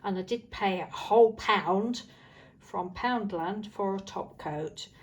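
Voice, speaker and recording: A woman's voice: medium pitch, takes it slowly, poor audio. A British woman chatting casually as she shows her crafts, rambling and cheerful. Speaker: craft vlogger. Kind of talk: casual chat while crafting.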